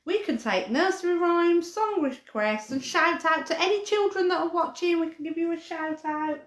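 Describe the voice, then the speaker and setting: With a very high voice at normal speed, this woman teaches children a craft in a live lesson, her voice carrying in a roomy space. She chats animatedly and cheerfully, throwing in playful barks like a dog.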